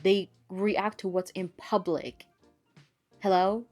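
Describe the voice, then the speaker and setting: A woman's voice: fairly low pitch, moderate pace, a little mellow, faint music behind. A woman hosting a commentary channel, ranting bluntly and swearing freely in a fed-up tone. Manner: blunt, profane, exasperated ranting. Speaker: commentary host.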